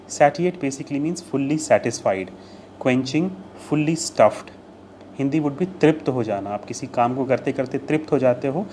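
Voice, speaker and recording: A man's voice: medium pitch, a little mellow, a little hiss or hum. A man teaching English vocabulary in a video lesson, explaining words step by step, repeating key phrases and slipping in short Hindi glosses.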